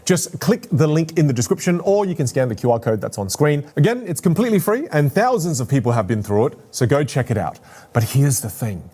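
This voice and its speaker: A man's voice: on the high side, big pitch swings, a little fast, warm tone. A man hosting and narrating a show with scripted, direct explanations. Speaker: show host.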